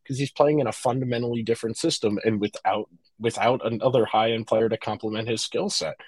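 A man co-hosting a casual hockey podcast, opinionated and animated, often restarting his sentences. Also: medium pitch, a little fast, few pauses, breathy edge, no echo. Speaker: podcast co-host.

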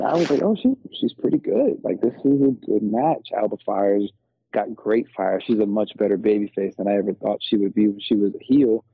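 A man co-hosting a podcast, talking in an animated, incredulous way as he recaps a wrestling match. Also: on the low side, husky, no echo. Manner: animated, incredulous, laughs while telling. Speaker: podcast co-host. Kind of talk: casual wrestling recap chat. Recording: dull lo-fi.

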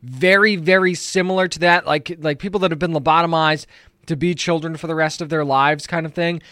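Man reviewing a TV episode, enthusiastic and rambling, slightly raised pitch, dry recording. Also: fairly even intonation, brisk, sharp tone, clean tone, no room sound. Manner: enthusiastic, rambling, lots of fillers. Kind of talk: casual recap and review.

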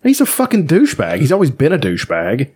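A man's voice: a little high, huge pitch swings, fast talker, darkish tone, husky. A man in a casual podcast chat who swears freely and rants with heated opinions. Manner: profane, ranting.

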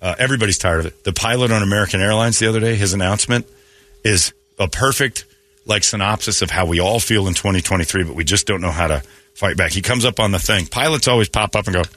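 A man hosting a morning radio show, ranting sarcastically about the news and slipping into quick mocking quotes. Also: fairly low pitch, a bit bright. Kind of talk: opinionated morning radio banter.

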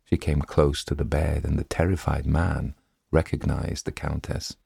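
A man reads a classic story in a measured, steady way. His voice is very deep with a gravelly, husky edge, and it is recorded dry and close. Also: no room sound. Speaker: narrator. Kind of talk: scripted story reading.

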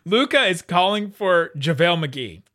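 A man hosting a casual sports podcast, chatty and quick to laugh, often restarting his sentences. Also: sits high, lively intonation, bright, forceful tone. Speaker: podcast host.

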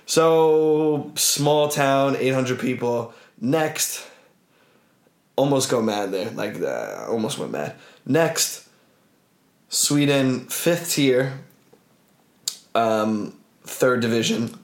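A man's voice: medium pitch, lively intonation, extremely slow, long pauses. Laid-back young man in an echoey room. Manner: laid-back, joking, swears casually. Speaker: guest, footballer. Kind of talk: casual chat.

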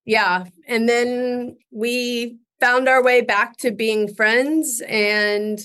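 Middle-aged actress chatting on an interview, a bit high voice, laughs a lot while she tells stories. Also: fairly even intonation, very slow, a bit bright. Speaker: guest actress. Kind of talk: casual interview chat.

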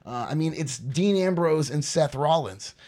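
Animated man recapping wrestling. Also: fairly high pitch, a little slow. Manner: rambling, animated, repeats points for emphasis. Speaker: podcast host.

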